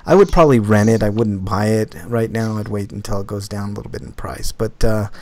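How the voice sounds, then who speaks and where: Fairly quick and lowish in pitch, with no echo, this podcast host talks casually about movies and shares stories. His delivery is rambling and filler-heavy, full of restarts, and he gets animated when retelling a story.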